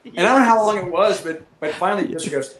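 A man telling stories in casual talk, animated and acting them out with sound effects. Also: high voice, fast, echoey room, noisy background. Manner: animated, acts out his story with sound effects and laughs. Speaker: guest pilot telling stories. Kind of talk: casual storytelling.

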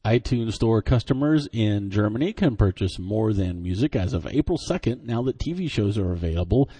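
A male podcast host reads tech news items and drops in wry, dry asides between them. His voice is mellow and soft-edged, with a slightly husky grain. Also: lowish voice, lively intonation, normal speed. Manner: dry, joking commentary between scripted items.

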